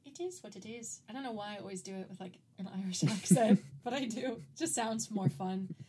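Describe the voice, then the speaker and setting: A woman's voice: medium pitch, brisk, mellow, a little hiss or hum. A young adult woman hosting a podcast, chatting casually and laughing often through her sentences. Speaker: podcast host. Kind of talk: casual chat about a movie.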